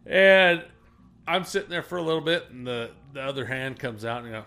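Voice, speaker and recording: A man's voice: on the high side, moderate pace. A man with a Permian Basin drawl hosting a podcast, telling crude stories with lots of laughter. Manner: crude, laughing, animated storyteller. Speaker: podcast host. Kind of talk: casual podcast chat.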